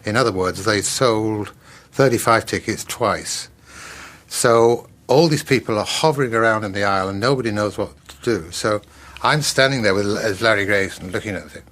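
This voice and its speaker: A man who works as an impressionist, recalling his club days in a relaxed, anecdotal documentary interview. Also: lowish voice, normal speed. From England.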